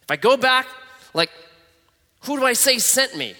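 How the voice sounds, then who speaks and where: A preacher doing an exasperated, whiny Moses. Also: male voice, extremely high pitch, sing-song, moderate pace, bright, forceful tone, big-room sound, voice pushed up, full character voice. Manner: incredulous, comic complaining. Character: exasperated middle-aged Moses, doubtful and whiny.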